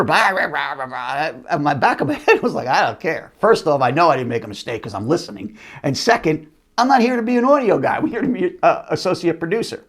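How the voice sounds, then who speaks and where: A man's voice: on the high side, fast, few pauses. A middle-aged man hosting a show, telling a story from his career in a casual monologue and acting out the other people in it. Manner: animated, acts out other people's voices. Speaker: host, company CEO.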